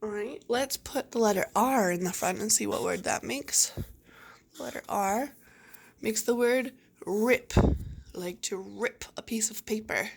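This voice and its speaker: A woman teacher giving a phonics reading lesson to young children, slowly sounding out each word. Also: mid-range voice. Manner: slow, clearly sounding out words.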